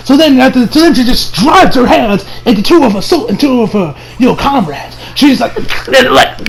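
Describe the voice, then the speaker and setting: A young man excitedly recapping an anime episode, rambling, swearing, and laughing often. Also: extremely high pitch, brisk, creaky, hardly any pauses, soft background music, low-quality recording. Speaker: anime reviewer.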